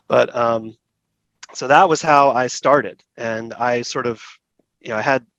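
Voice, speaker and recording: A middle-aged man telling stories as a guest in an interview, relaxed and chatty, laughing often and acting out the people he quotes. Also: mid-range voice, no echo, highs cut off. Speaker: saxophone repair technician, guest. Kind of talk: casual storytelling interview.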